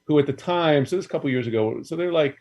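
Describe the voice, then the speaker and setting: A man's voice: fairly high pitch, darkish tone. Man chatting as a talk-show guest. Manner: conversational, quick with fillers. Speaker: guest, news anchor. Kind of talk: casual chat.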